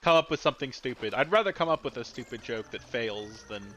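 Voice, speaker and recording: A man's voice: mid-range voice, fast, muffled recording, slight background noise. A man streaming a game and chatting casually with friends, rambling and correcting himself as he talks. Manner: rambling, self-correcting, lively. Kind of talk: casual gaming stream chat.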